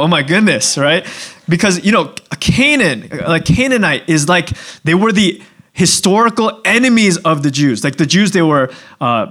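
Guy preaching in a church, gets loud then drops real quiet, kinda high voice. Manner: animated, swings from loud excited to quiet and low. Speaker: pastor. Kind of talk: sermon. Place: church hall.

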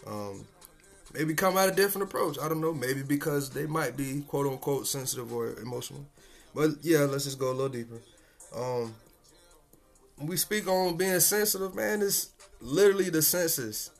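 A man's voice: fairly high pitch, moderate pace, creaky, soft background music. A man hosting a casual solo podcast, talking in a laid-back, slangy and profane way and chuckling often. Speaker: podcast host.

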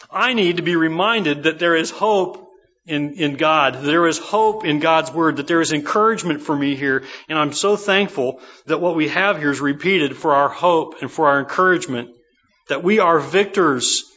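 A man's voice: a little high, bright, forceful tone. A middle-aged male pastor preaching a sermon in a conversational way, often asking the congregation rhetorical questions. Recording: dull lo-fi sermon recording.

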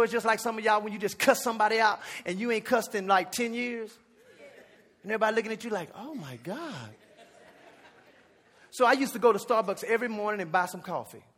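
A man preaching with a high, bright voice. He tells a comic story from the pulpit, building to animated shouts. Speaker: pastor. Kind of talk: storytelling sermon.

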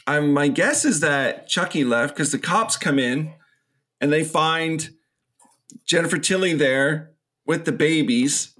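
Male podcast co-host, relaxed chatty plot recap. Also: fairly high pitch, slow. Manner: recaps plot, acting out quotes in put-on voices. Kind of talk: casual film review chat.

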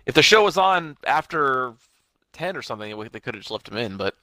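A young man recounts wrestling anecdotes in loose podcast chat, acting out the quotes and cursing casually. His voice has a bright, forward edge. The sound is close and dry. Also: medium pitch, big pitch swings, brisk, no echo. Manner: storytelling, profane, acts out quotes.

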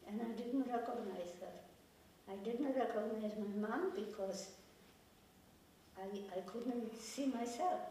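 An older woman from Poland giving a personal survivor's testimony, speaking quietly and gravely, pausing and repeating her phrases. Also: a little high, a little hiss or hum. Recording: very echoey room, voice from far off.

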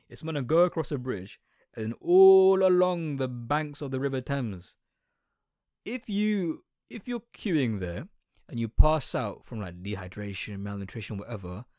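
A man's voice: mid-range voice, a little mellow, no room sound, clean studio sound. A young man, ranting sarcastically and bluntly in a slang-heavy monologue.

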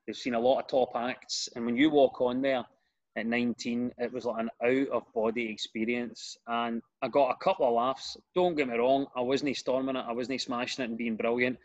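A middle-aged man with a Glaswegian accent, telling stories in a casual chat as a comedian guest, self-deprecating and quick to laugh. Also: medium pitch, fairly even intonation, dull audio. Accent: Scottish, Glaswegian.

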